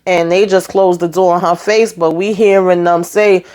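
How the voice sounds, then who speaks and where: A woman casually recapping a TV episode, retelling scenes in an animated, chatty way and calling listeners child and honey. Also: on the low side, normal speed, clear, resonant tone. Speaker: TV show recapper.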